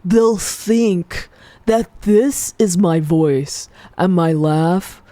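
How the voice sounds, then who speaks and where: A woman streamer putting on a deeper, calmer voice in casual live stream chat, talking slowly and hesitantly and trailing off. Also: a little hiss or hum. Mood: earnest. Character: deeper-voiced young woman, calm and low.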